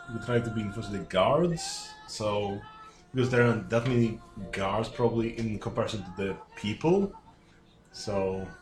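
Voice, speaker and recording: Relaxed male player in an echoey room. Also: on the low side, a little hiss or hum. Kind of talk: casual chat at a game table. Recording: echoey room with faint music.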